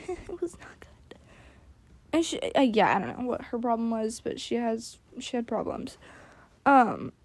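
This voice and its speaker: A young woman talks through her own footage in a loose, chatty voice-over, sprinkling "like" everywhere and being hard on herself. Her voice sits a little high. The sound is dry and close, with no room around it. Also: darkish tone, no echo. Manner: chatty and self-critical, with many "like" fillers. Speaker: equestrian vlogger. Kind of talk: casual voice-over commentary.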